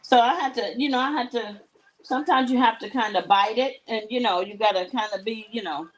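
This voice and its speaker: Sassy, chatty woman host, slightly high voice. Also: brisk, a little hiss or hum, poor audio. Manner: sassy, chatty storytelling with asides to viewers. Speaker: host selling jewelry on a live show. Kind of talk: casual live-stream chat.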